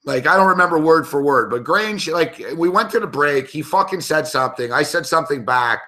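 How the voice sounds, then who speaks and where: A man's voice: fairly high pitch, expressive, brisk, pushed and bright. A man on a sports betting show telling a heated story in casual, profanity-heavy talk.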